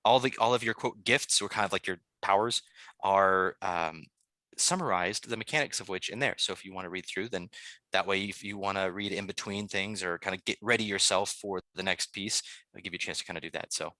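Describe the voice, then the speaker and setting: A man's voice: deep voice, brisk, bright, forceful tone, no room sound, clean studio sound. A man running a tabletop game as game master, talking in a loose, rambling way with many fillers.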